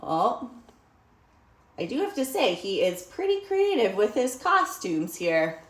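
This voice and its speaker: Bouncy high-voiced kids yoga teacher. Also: female voice, sing-song, normal speed, roomy sound, far from the mic. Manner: encouraging, asks the children questions and praises them. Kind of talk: storytime yoga lesson for children.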